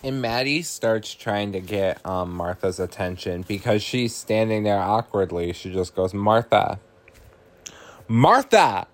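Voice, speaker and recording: A man's voice: lowish voice, unhurried, hardly any pauses. A man hosting a podcast, casually recapping a horror comedy with swearing, laughs and lots of "like" and "um". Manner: chatty, laughing, swears, uses filler "like" and "um". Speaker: podcast host.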